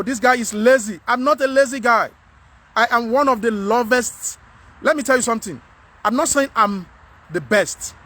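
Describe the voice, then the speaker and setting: A man's voice: sits high, pushed and bright. A man with a Nigerian English accent, giving a frank, earnest monologue to camera as a vlogger, often repeating himself to press a point.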